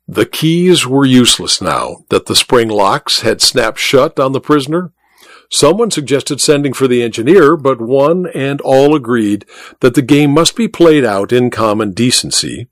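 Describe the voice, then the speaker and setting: A man narrating a story as an audiobook reader, with measured, expressive storytelling on a close mic. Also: mid-range voice, dry recording. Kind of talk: scripted narration.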